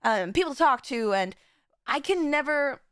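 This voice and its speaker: A woman's voice: high-pitched, expressive, normal speed, fairly bright tone, no echo, clean studio sound. A woman streamer chatting casually with her viewers, rambling, giggling and stumbling over restarts. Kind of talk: casual live-stream chat.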